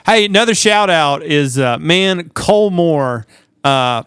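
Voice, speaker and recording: A man co-hosting a podcast, telling stories in a lively, animated way and acting out the people in them. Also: fairly high pitch, takes it slowly, smooth, no room sound, studio quality. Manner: animated storyteller, acts out shouts and quotes. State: sleep deprived. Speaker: podcast co-host. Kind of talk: casual chat.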